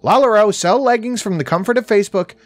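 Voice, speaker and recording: A man's voice: no room sound, close to an everyday voice. A man doing a squawking salesman crow. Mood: pushy hype. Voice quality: eerily human squawk. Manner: rapid nonstop sales-pitch rants. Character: loud pushy talking crow, male, salesman. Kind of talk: audiobook horror narration.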